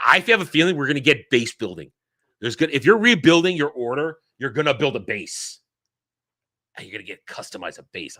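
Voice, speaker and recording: A male streamer talks through a game trailer live, with lively ups and downs in his voice. His tone is bright and forward, and he breaks into mock outrage and swearing at his chat. It is live-stream commentary. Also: medium pitch. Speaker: streamer host.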